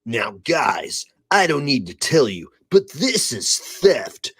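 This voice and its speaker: A man playing a mock-serious male infomercial pitchman host. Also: sing-song, takes it slowly, a bit bright, slightly rough, no echo, exaggerated voice. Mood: salesy. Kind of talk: comedic parody.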